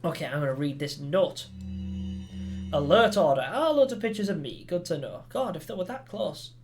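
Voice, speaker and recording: A gamer from Romania giving chatty, filler-heavy let's play commentary that bursts into excited yelps. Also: mid-range voice, brisk, over music. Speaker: gaming commentator.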